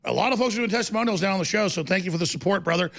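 A man hosting a radio talk show, animated and jokey as he talks to guests and callers. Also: sits high, very fast, vocal fry. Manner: animated, jokey, slips into silly impressions. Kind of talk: rambling talk radio banter.

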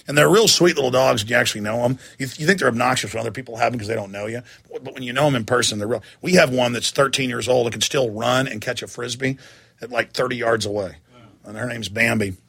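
Fired-up gravelly man hosting radio. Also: mid-range voice, quick pace. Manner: loud, hyped, shouting. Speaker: radio show host. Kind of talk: fired-up live broadcast fundraising pitch.

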